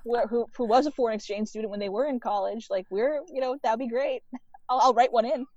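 A writer and filmmaker, appearing as a podcast guest, chats casually in a slightly high, brisk, somewhat mellow voice, peppering her talk with "like" and laughing often. The audio is dull, muffled and dry, with no echo.

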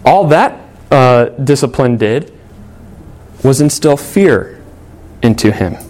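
A man's voice: mid-range voice, animated, takes it slowly, darkish tone. A man preaching a sermon to parents in an earnest, conversational way, telling a story with frequent "uh" fillers. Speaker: pastor.

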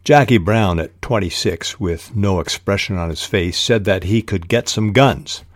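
A man hosting a writing podcast, explaining technique in a measured way and reading quoted passages aloud. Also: fairly low pitch, no room sound, clean studio sound. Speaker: podcast host teaching fiction writing. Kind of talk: instructional podcast talk.

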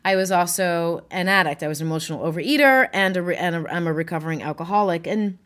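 A widow tells her story candidly and with feeling, laughing a lot and cursing now and then. Her voice sits on the low side, steady and slightly bright, and she talks fast.

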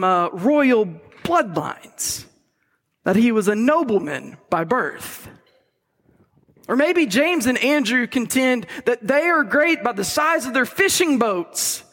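Male preacher, very high voice, playful storytelling sermon, long church reverb. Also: fairly bright tone.

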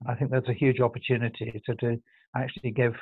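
Older posh english guy, reflective and a bit halting, dry close sound, middle pitch. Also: little pitch movement, slightly rough, no room sound, phone-quality sound. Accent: posh southern English. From England. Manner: thoughtful, halting, self-correcting. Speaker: guest. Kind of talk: reflective interview conversation.

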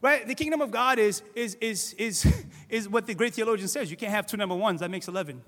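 A male pastor from Cape Verde, preaching in a lively, conversational way and often asking "right?", swinging between loud and soft. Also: sits high, fairly quick, in a large hall. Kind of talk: sermon.

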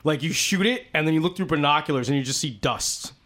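A man's voice: a little high, quick pace, fairly bright tone. A man in casual chat, telling rambling stories full of swearing. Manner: profane, rambling storyteller.

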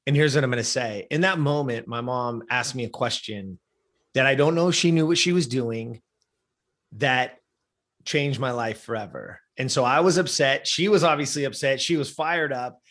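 A man's voice: mid-range voice, moderate pace, fairly bright tone. A middle-aged man, a guest in an interview, telling a personal story in an earnest, conversational way with many asides. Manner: earnest, conversational, frequent "you know" and "right?" asides.

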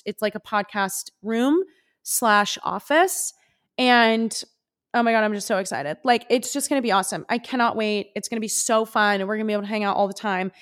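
Young female solo podcast host, slightly high voice, gushing and chatty. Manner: bubbly, gushing, animated. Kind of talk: solo casual podcast chat.

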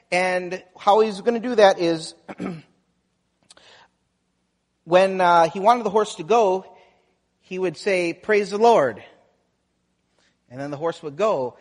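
A man preaching a sermon, telling a folksy story with plenty of fillers and restarts. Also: high voice. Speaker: pastor. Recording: echoey hall with long reverb.

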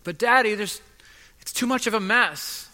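A high, bright, whiny little girl of six , as a man puts her on, pleading and whimpering in small rising bursts. Her thin voice carries a long hall reverb. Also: moderate pace. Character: whiny six-year-old girl facing a messy room.

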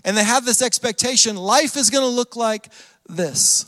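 A man preaching a sermon as a pastor, telling the story in an animated way and acting out the voices of the people in it. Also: very high voice, normal speed. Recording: long hall reverb.

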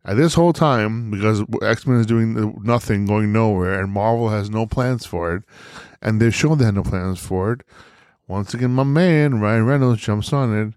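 Male podcast host, low voice, theatrical and profane, dry close recording. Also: normal speed, a little mellow, clear, resonant tone, no echo. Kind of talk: casual movie talk.

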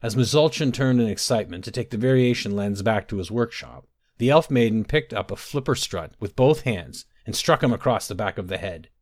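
A man narrating a fantasy story in an expressive storytelling manner. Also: on the low side, brisk. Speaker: audiobook narrator. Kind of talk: scripted narration.

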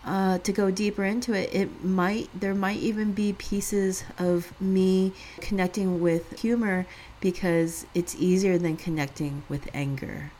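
A woman in her thirties co-hosting a podcast, telling a personal story casually, often laughing and getting animated when she quotes others. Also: mid-range voice, measured pace, slight background noise. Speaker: podcast co-host.

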